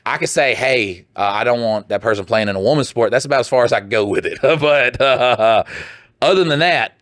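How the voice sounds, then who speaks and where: A man's voice: mid-range voice, brisk, fairly bright tone, no echo, clean studio sound. A man co-hosting a podcast in crude casual chat, blunt and profane, reading listener letters aloud. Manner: blunt, profane, mocking put-on voices. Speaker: podcast co-host.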